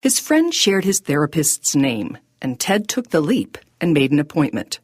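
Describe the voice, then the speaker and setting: A woman hosting a podcast, reading scripted narration in a measured, reflective way. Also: deep voice, sing-song, a little mellow, slightly rough, no echo, studio quality. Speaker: podcast host.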